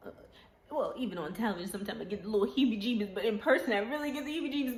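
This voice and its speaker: A woman's voice: on the high side, fast. A woman giving an earnest motivational talk, repeating points for emphasis. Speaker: vlogger. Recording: roomy echo.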